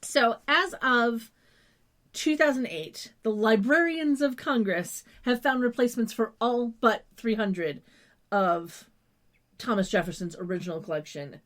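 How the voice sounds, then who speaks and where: A woman's voice: fairly high pitch, a little slow, fairly bright tone. A young woman co-hosting a podcast, rambling through a casual recap with detailed descriptions and casual swearing. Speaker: podcast co-host.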